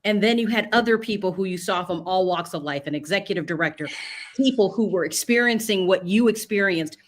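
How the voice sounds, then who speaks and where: A woman's voice: mid-range voice, fairly quick. Woman host asking questions. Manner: attentive, brief affirming murmurs, long reflective questions. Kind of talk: interview questions.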